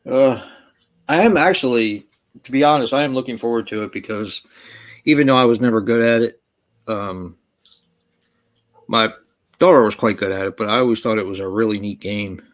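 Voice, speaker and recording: A man's voice: on the low side, moderate pace, long pauses. A middle-aged man chatting casually, laughing often and swearing freely. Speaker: podcast co-host. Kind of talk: casual chat.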